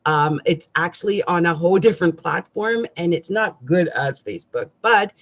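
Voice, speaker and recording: A middle-aged woman astrologer ranting irritably on a live stream, with loud outbursts and quiet asides. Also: fairly low pitch, animated, normal speed.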